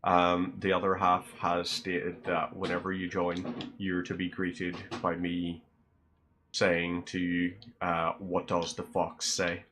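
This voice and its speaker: A man's voice: low voice, monotone, takes it slowly, fairly bright tone. A man streaming a video game, chatting casually with viewers in a rambling way, with lots of "um"s and dry, self-mocking jokes. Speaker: livestreamer. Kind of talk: casual gameplay stream chat.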